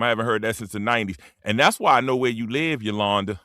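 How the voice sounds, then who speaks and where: A man's voice: on the low side, fairly quick, few pauses, pushed and bright, dry recording, studio quality. Laughing, rambling man on a livestream. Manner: loose, joking, preachy asides to chat; laughs often mid-sentence. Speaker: livestream host. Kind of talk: casual livestream rant.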